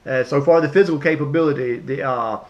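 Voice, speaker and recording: A man's voice: fast talker, a little mellow, highs cut off. A middle-aged American man ranting directly at the president in a casual, impassioned way, often repeating himself and restarting phrases. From United States. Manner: impassioned, repetitive, restarts, swings from low mutter to high outbursts. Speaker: vlogger addressing the president. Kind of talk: casual spoken rant.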